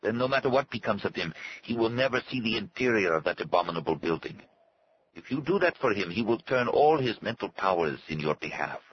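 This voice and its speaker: A man's voice: on the low side, expressive, brisk, highs cut off, slight background noise, pitched above the performer's own voice, close to an everyday voice. A man voicing a sad, haughty native servant who speaks in formal, stately phrases. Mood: solemn. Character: solemn, haughty male native servant and guide. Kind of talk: audiobook character voice.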